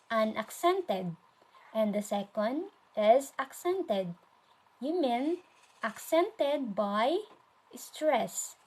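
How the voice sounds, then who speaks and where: A woman speaks with a Filipino English accent, teaching a recorded lesson. She takes her time, goes through each step and repeats it, and often stops to quiz her listeners. Her voice sits a little high. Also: darkish tone, poor audio. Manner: patient, repeats steps and quizzes the listener.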